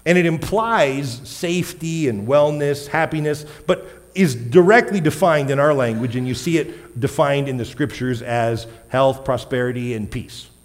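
A man's voice: mid-range voice, moderate pace. A man preaching a sermon in a casual, conversational way, asking the congregation questions and correcting himself with light laughs. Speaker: pastor. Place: church hall. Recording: long hall reverb.

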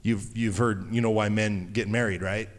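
Joking preacher in a reverberant hall. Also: male voice, fairly low pitch, normal speed. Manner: conversational, jokey, animated asides. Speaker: pastor. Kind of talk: sermon.

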